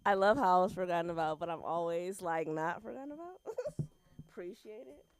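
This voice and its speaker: A woman's voice: fairly low pitch, animated, fairly quick, slight background noise. A woman doing open-mic stand-up in a small comedy club, playful and chatty, talking to the room and the stream chat.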